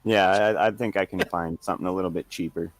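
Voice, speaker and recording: A man's voice: deep voice, fairly even intonation, fast talker. A man casually playing a tabletop game, talking in hesitant stumbling phrases. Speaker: player.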